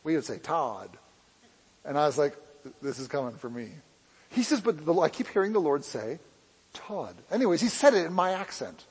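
A man preaching and telling a personal testimony in a rambling, animated way, with a mixed, hard-to-place accent. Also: fairly high pitch, brisk, breathy edge, big-room sound, rough recording. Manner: rambling, self-interrupting, animated storytelling. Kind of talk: sermon testimony storytelling.

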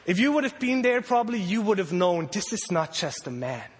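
Animated high-voiced preacher in a reverberant hall. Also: male voice, a little fast. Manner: animated storytelling, acting out voices of the disciples. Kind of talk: sermon to children and congregation.

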